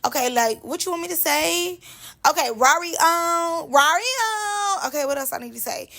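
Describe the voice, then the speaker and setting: A woman putting on the voice of a brash, defensive woman hosting a reality show, loud and sassy. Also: sits high, expressive, normal speed, voice pushed up, full character voice. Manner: loud, sassy, talks down to others.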